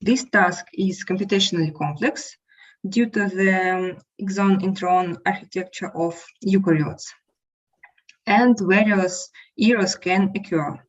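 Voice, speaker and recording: A woman's voice: mid-range voice, measured pace. A woman instructor giving a prepared lecture over a remote call, reading steadily with small fillers. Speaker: instructor and invited speaker. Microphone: remote call without camera. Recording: muffled lo-fi call audio.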